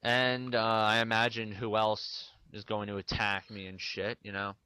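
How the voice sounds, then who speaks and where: A man's voice: lowish voice, flat delivery, normal speed, bright, forceful tone, clear, resonant tone, no room sound, rough recording. A man ranting in an angry vlog, defensive and swearing. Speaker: video maker ranting to the camera.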